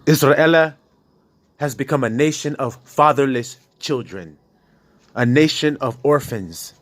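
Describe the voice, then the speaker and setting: A man's voice: medium pitch, measured pace, dry recording. A man preaching with passion, bluntly and profanely, firing rhetorical questions at his listeners. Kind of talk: preaching to a congregation.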